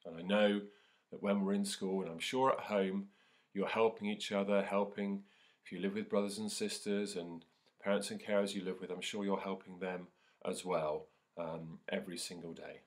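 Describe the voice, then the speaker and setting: Low-voiced man leading a school assembly. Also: moderate pace. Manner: gentle, hesitant with fillers, animated when reading. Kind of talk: school assembly talk and storytelling.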